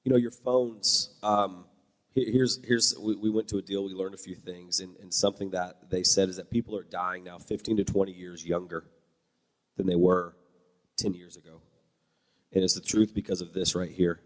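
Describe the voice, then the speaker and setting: A man's voice: low voice, little pitch movement, moderate pace, in a large hall. A man who is a church leader and parent, talking bluntly and with strong opinions on a panel. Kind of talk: panel talk.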